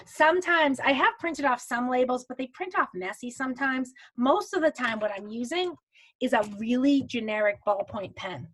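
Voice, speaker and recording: Woman leading a live online class, chatty and a bit higher-pitched, talks through steps with restarts, on a video call. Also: animated, moderate pace. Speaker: makeup consultant teaching a virtual class. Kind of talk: casual live video training.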